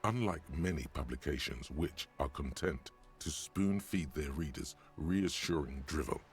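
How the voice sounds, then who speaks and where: A man voicing a wry, deadpan narrator in a detective video game, with a dry, sardonic delivery. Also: very deep voice, unhurried, faint music behind.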